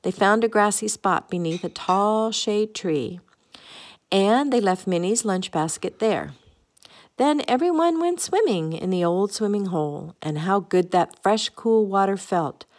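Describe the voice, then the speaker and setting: A woman's voice: medium pitch, expressive, a little slow, darkish tone. A woman reading a children's picnic story aloud in a homey way, now and then stumbling and correcting herself. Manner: homey read-aloud with small slips and self-corrections. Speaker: storybook reader.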